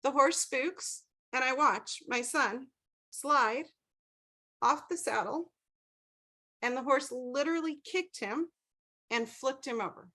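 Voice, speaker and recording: A woman's voice: high voice, slow, long pauses, pushed and bright. A woman teaching a class over a video call, telling a story with animation and checking in with the group. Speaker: class instructor.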